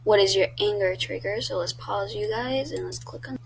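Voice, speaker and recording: A woman's voice: medium pitch, normal speed, vocal fry, a little hiss or hum, rough recording. A teenage girl chatting casually on her own vlog, blunt and talkative, swearing often. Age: teens. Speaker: YouTuber.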